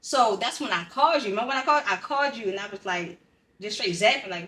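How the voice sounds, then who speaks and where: A podcast co-host with a medium-pitched, bright, forceful voice talks fast as she shares a painful story. She's blunt, profane and emotionally raw in this candid personal conversation, recorded with a roomy sound far from the mic.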